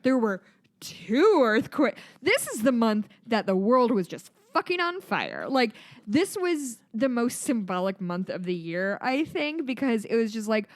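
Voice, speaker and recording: A woman with a Midwestern American accent co-hosting a podcast in casual chat, animated and swearing freely. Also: a little high, measured pace, no echo. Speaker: podcast co-host.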